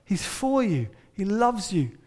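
A man delivering a church sermon, his voice sitting a little high for a man. He tells a story, sometimes dropping to a hush and sometimes pressing a point with emphasis. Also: very animated, slow. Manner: storytelling, shifting between hushed and emphatic. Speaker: preacher.

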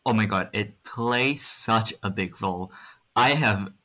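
A man's voice: fairly low pitch, measured pace, bright, forceful tone. A young Vietnamese man with an American-influenced accent, a native Vietnamese speaker, answering interview questions frankly with many fillers. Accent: American-influenced English, Vietnamese speaker.

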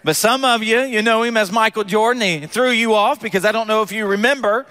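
A man preaching a sermon as pastor, animated and joking with the congregation in church. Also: high-pitched, a little fast.

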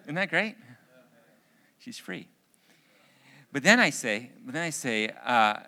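Forceful middle-aged man telling a story. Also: mid-range voice, slow pace, gravelly, long pauses. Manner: animated storyteller, jokey asides. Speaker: speaker. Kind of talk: personal anecdote in a sermon.

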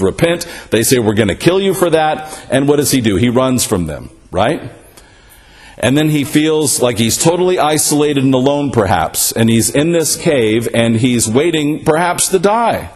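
A man with a fairly high voice preaching a sermon. He keeps asking his listeners rhetorical questions and tags his points with a quick "right?" to draw them along. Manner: asks rhetorical questions, often adds "right?".

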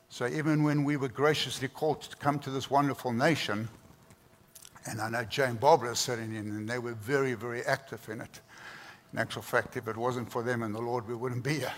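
Gravelly older preacher. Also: male voice, mid-range voice. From South Africa. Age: 60s. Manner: earnest, repeats words for emphasis. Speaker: pastor. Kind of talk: sermon. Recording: reverberant hall, faint noise.

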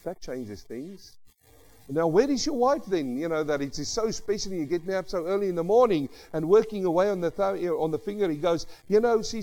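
Earnest high-voiced man preaching. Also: a little mellow, low-quality recording. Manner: earnest storytelling, restarts and repeated words. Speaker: pastor. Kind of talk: sermon.

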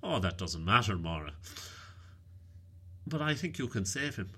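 A man voicing a scheming, boastful countryman in a raised, excited voice. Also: on the low side, measured pace, slightly rough, heavily acted.

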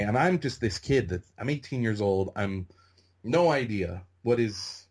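A middle-aged man from Northern California, a podcast guest telling animated stories and saying "like" constantly. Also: fairly low pitch, fairly quick. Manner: animated anecdotes, heavy use of "like". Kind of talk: casual storytelling interview.

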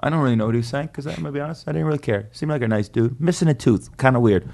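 A man telling a rowdy story in a casual podcast chat, animated and swaggering, acting out the people he describes. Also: medium pitch, rapid-fire, vocal fry. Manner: animated, swaggering storyteller who acts out the people in his stories. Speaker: podcast co-host.

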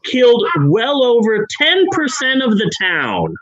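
A man spins a history tale for his podcast, rambling and sarcastic. His voice sits high and swings widely in pitch, with a husky edge. He swears casually as he goes. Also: huge pitch swings, unhurried, a bit bright, no room sound, highs cut off. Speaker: podcast host.

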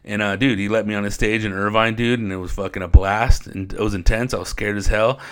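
A man's voice: fairly low pitch, fairly even intonation, fast, clear, resonant tone. A man from Riverside, California, telling stories in a laid-back podcast chat, swearing often and saying "dude" constantly. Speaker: podcast host. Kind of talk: casual storytelling.

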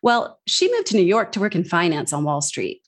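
An American woman talking as an interview guest, speaking in an animated, emphatic way. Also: fairly low pitch, fairly quick. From United States. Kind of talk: podcast interview.

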